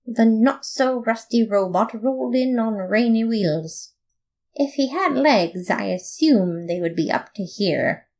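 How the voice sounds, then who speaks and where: A woman reading a comic fan story aloud in playful, expressive first-person narration. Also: on the high side, unhurried. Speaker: podfic reader.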